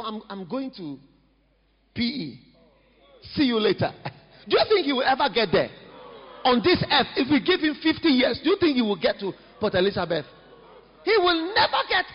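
A male pastor, preaching a lively, humorous sermon in a church. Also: very high voice. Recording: echoey hall, dull lo-fi sound.

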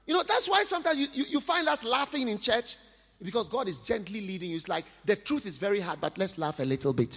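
Husky-voiced preacher, lively and joking, lo-fi recording from a reverberant church. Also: male voice, high voice, fast talker. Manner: lively, humorous, emphatic preaching. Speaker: pastor. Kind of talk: sermon. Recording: echoey hall, dull lo-fi sound.

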